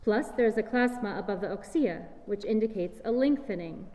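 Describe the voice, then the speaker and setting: A woman giving a measured, explanatory talk as a singer presenting chant, recorded in a large hall. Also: mid-range voice, warm tone. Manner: measured, explanatory, sings short chant fragments. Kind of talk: scripted lecture-recital talk. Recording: reverberant hall.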